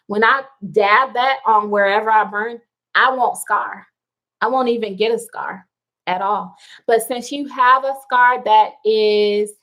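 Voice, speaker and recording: A woman hosts a late-night live stream from home, answering viewer comments in an easygoing, unhurried way. Her voice sits a little high, and she laughs often between remarks. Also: low-quality recording. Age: adult with children. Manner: chatty, laughs often, slow and relaxed. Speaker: livestream host reading viewer comments. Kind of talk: casual live chat.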